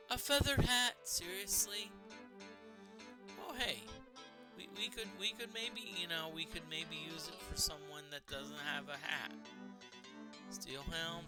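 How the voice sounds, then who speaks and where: A man's voice: on the high side, poor audio. A man casually commenting while streaming a retro role-playing game, chatting to the game and to his party members.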